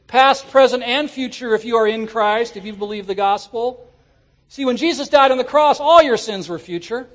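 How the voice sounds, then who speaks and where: A man preaching a sermon to his congregation, animated and rising at times to shouts. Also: very high voice, normal speed. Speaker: pastor. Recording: church sermon audio.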